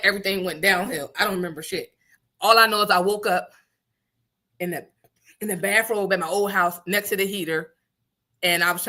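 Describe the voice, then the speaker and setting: A woman co-hosts a radio show, telling a story in casual chat, animated and swearing, laughing often, and acting out what people said. Her voice is medium-pitched, recorded on a studio microphone.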